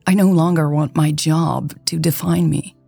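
A woman's voice: low voice, steady tone, moderate pace, creaky, dark tone, husky, faint music behind, full character voice. Woman reading awkward nervous young woman. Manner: awkward, stammering.

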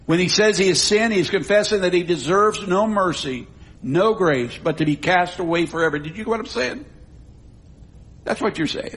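A male pastor preaching a sermon, swinging from loud stresses to hushed drops. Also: sits high, lively intonation, moderate pace, husky.

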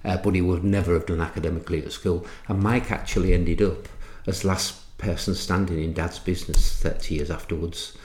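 A middle-aged man from England, an entrepreneur and author, telling anecdotes in a podcast interview, halting with restarts and fillers. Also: deep voice, fairly even intonation, darkish tone, roomy sound.

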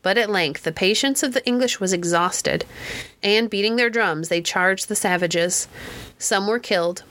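A woman narrating a history book chapter in clear, steady storytelling. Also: medium pitch, no echo. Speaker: audiobook reader. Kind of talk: scripted narration.

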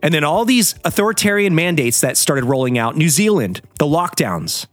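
A man's voice: a little high, very animated, moderate pace, heavy background noise. A man hosting a show, ranting heatedly in a profane solo monologue.

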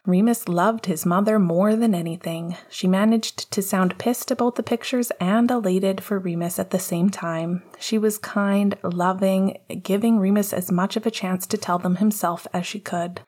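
A woman narrating a story in a calm, intimate reading voice. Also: medium pitch, moderate pace, few pauses. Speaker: audiobook narrator. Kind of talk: scripted narration.

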